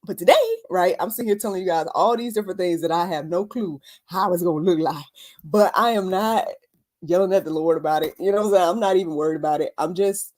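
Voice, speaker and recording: A young adult woman hosting a casual faith talk livestream, chatty and animated, laughing often and speaking with many fillers. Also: lowish voice, fast talker. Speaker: host.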